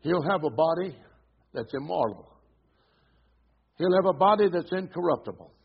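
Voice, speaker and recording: A man's voice: a little high, lively intonation, normal speed, vocal fry, breathy edge. A man preaching a sermon at a church service, earnestly exhorting the congregation and reading scripture aloud. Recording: dull lo-fi sermon recording.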